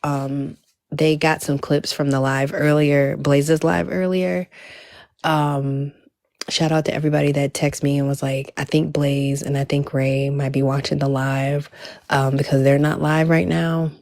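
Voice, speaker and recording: A woman's voice: sits low, little pitch movement, measured pace, gravelly, darkish tone, dry recording, studio quality. A woman hosting a casual livestream, chatting to viewers in a Black with asides and the odd whisper. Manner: chatty, drops into whispers at times. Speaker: livestream host.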